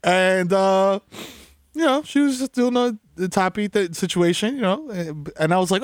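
Young guy, high and very lively voice, lots of slang and laughing, dry room. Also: moderate pace, no echo. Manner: laughs a lot, streetwise slang. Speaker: podcast co-host. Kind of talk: crude comedic storytelling.

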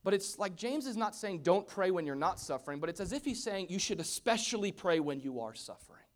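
A man preaching a sermon, swinging from hushed whispers to loud exclamations. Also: high voice, animated, fairly quick.

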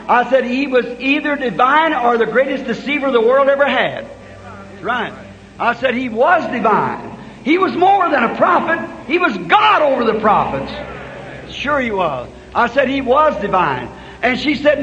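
Old sermon tape, man preaching hard, really high voice, long hall echo, muffled sound. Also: very animated, moderate pace, soft background music. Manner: fervent, builds to shouting climaxes. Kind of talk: revival sermon.

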